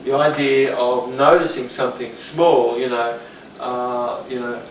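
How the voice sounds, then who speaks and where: Man, workshop teacher, rambling, animated, distant mic, noisy roomy recording. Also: mid-range voice, a little slow. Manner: rambling, animated, acts out quoted voices. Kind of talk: teaching talk on rapport.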